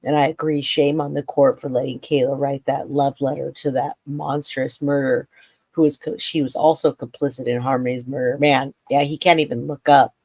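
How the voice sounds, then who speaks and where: A man's voice: mid-range voice, flat delivery, moderate pace, a little mellow, no room sound. A man hosting a true crime livestream, reacting emotionally to court footage, holding back tears, with his voice cracking as he talks bluntly.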